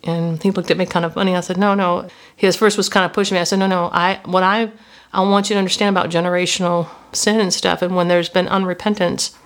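A woman's voice: fairly low pitch, little pitch movement, quick pace. A woman in her fifties, hosting a podcast and telling personal stories as reflective Christian teaching. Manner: storytelling, personal and confessional. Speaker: podcast host.

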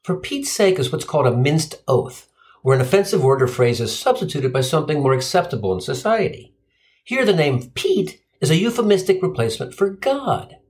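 A man's voice: a little high, very animated, a little fast, darkish tone. A middle-aged man from Cincinnati delivering a sardonic, profane comic monologue. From Cincinnati, USA. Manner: sardonic, profane, punchline-driven. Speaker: stand-up comedian.

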